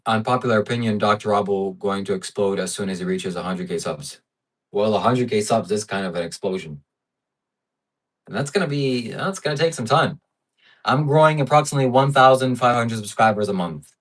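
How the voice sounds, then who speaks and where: A man's voice: lowish voice, fairly quick, distant mic. A man hosting a livestream, reading viewer donations in blunt, brash, profane casual chat. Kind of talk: casual live-stream chat.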